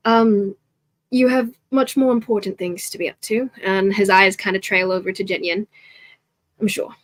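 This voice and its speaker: A woman's voice: mid-range voice, fairly even intonation, moderate pace, natural voice. A woman voicing a polite, formal young male prince who addresses the others fondly and courteously in a tabletop role-play.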